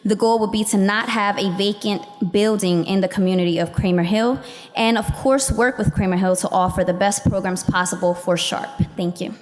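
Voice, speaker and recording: Young woman from camden reading her statement at a board meeting, steady, long hall echo. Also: mid-range voice, normal speed, a little hiss or hum. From Camden, New Jersey. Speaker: public commenter. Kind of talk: prepared public comment. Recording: reverberant hall.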